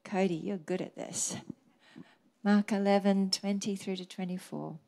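A middle-aged woman pastor preaching a sermon, telling stories in a lively, varied way. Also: mid-range voice, measured pace, creaky.

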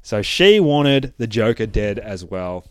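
A podcast host with a lowish voice, big pitch swings, and a slow pace casually recaps a comic book, rambling and profane and acting out characters' lines. His tone is clean and the recording dry.

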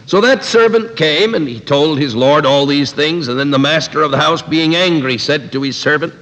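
A male Bible teacher delivering an expository sermon, moving between scripture read aloud and pointed everyday asides. His voice sits at a middling pitch, and a long hall reverb follows each phrase. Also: expressive, moderate pace, hardly any pauses, fairly bright tone. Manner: emphatic, paraphrasing scripture with plain-spoken asides.

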